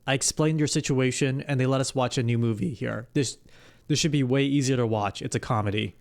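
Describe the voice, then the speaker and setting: A man's voice: mid-range voice, fairly quick. A man streaming live, talking casually in improvised role-play with frequent stammering restarts.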